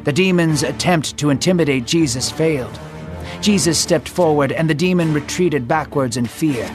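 Guy telling a bible story dramatically, kinda higher voice, soft music behind. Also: normal speed. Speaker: narrator. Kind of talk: scripted storytelling narration.

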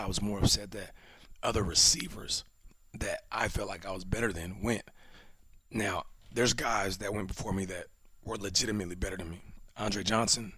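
Man, thirties, husky low voice, animated storyteller, casual podcast chat, dry close mic. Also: no room sound. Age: 30s. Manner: animated storyteller who acts out quoted voices, drops to whispers. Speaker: podcast co-host.

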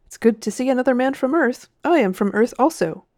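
Woman putting on a haughty martian guy, kinda higher voice, insists on everything. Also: lively intonation, brisk, darkish tone, no room sound, clean studio sound. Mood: genial. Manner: lofty, insistent. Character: proud Martian man claiming to be from Earth.

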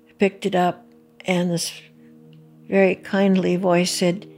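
An older woman recalling, in a halting and reflective way, how she heard terrible news. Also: on the low side, monotone, darkish tone, faint music behind. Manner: halting, reflective, pauses and restarts. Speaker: bereaved mother interviewee. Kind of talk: personal recollection.

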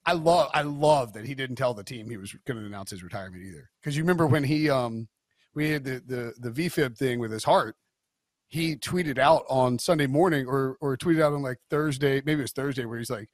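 A man's voice: medium pitch, brisk, no echo, studio quality. A man co-hosting a sports betting podcast, giving blunt opinions in a rambling casual way with many restarts. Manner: rambling, frequent restarts and fillers.

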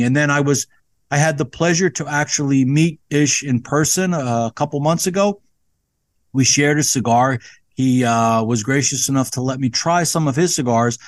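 A man's voice: a little high, normal speed, no echo. Guy hosting a cigar podcast, upbeat and rambly, dry close mic. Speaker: podcast host. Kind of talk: casual podcast intro.

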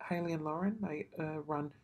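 A man's voice: fairly high pitch, fairly even intonation, fairly quick. A man ranting casually to camera, swearing freely and then apologising, in a rambling, self-deprecating way. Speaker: vlogger.

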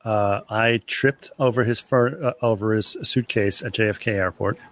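A man co-hosting a podcast, talking casually and haltingly, often losing his thread. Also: fairly low pitch, steady tone, fairly bright tone, slight background noise. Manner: halting, loses his place, chuckles through stories. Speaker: podcast co-host. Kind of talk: casual chat.

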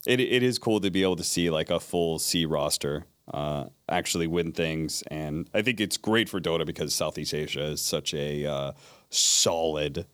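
A man's voice: rumbling low, normal speed, fairly bright tone, smooth. A man who works as an esports play-by-play caster, chatting casually and animatedly in an interview, laughing often.

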